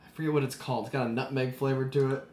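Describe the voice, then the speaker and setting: Male podcast host, relaxed rambling chatter, roomy reverb. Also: mid-range voice, racing, slight background noise. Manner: laid-back, laughs often, rambling. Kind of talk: casual chat.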